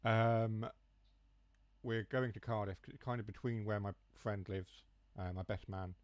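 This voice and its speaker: A young man from near Mansfield speaks with a broad Huthwaite accent, letting his H's and T's drop. His voice sits low, and the recording is dry and close, with no room around it. He rambles through jokey asides in a casual gaming-stream chat. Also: level tone, measured pace, dry recording. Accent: Huthwaite, Nottinghamshire. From Mansfield area, England. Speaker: train sim streamer.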